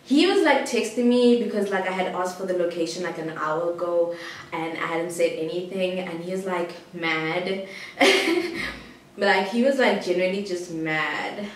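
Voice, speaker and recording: A woman's voice: lowish voice, moderate pace. A young woman from South Africa telling a personal story to camera, rambling and giggly, with many "like" fillers. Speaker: vlogger. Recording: roomy echo, distant mic, faint hiss.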